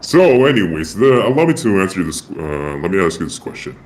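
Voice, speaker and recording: Deep voice-changed man in voice chat. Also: sing-song, brisk, faint music behind. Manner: rambling, repeats himself. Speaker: caller in a live voice chat. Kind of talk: casual chat. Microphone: online voice chat mic.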